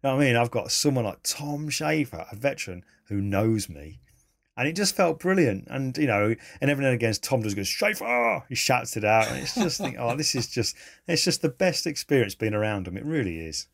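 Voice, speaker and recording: A man, a photographer telling animated, enthusiastic stories in a casual interview. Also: mid-range voice, fairly quick. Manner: animated, enthusiastic, laughs mid-story.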